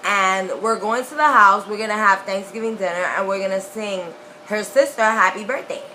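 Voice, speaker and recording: Strict grandma cussing someone out, young woman doing her voice, bright edge. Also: medium pitch, normal speed, a little hiss or hum, lightly acted, low-quality recording. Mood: scolding. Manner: blunt, profane scolding.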